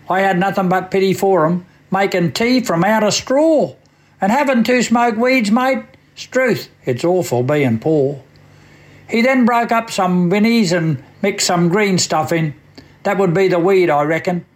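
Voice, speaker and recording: An Australian man reciting a comic bush poem on the radio like a wry yarn-spinner. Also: high-pitched. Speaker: radio poet.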